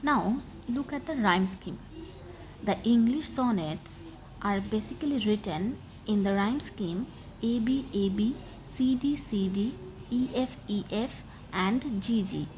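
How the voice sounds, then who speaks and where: Woman teaching poetry over slides, slow and careful, hiss in the background. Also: medium pitch, a little mellow. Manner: slow, deliberate, stresses key syllables. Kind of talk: explanatory lesson voice-over. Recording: noisy voice-over.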